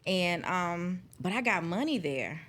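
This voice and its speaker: A woman's voice: on the low side, measured pace. Southern woman telling stories in casual chat. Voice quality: lively storyteller, acts out quoted voices. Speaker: guest.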